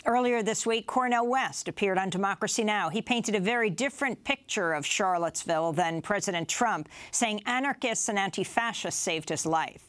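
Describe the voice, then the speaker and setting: A woman hosting a news program, reading scripted copy with a clear, even delivery. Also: mid-range voice, normal speed, few pauses. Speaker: news host. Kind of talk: broadcast news presenting.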